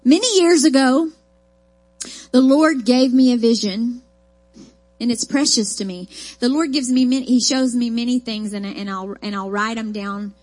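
A woman's voice: on the high side, normal speed, darkish tone. Emphatic woman preaching a sermon. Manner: emphatic, folksy storytelling with rising declarations. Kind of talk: sermon with personal testimony.

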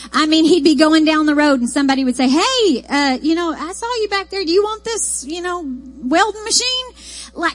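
A woman with an East Texas accent, preaching a sermon in a folksy, animated storytelling way. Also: sits high, dry recording, low-quality recording.

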